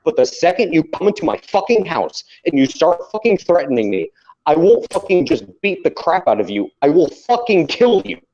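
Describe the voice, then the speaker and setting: A man's voice: a little high, big pitch swings, normal speed, dark tone. A man co-hosting a podcast in casual chat, ranting heatedly and swearing constantly. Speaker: podcast co-host. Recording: dull lo-fi sound.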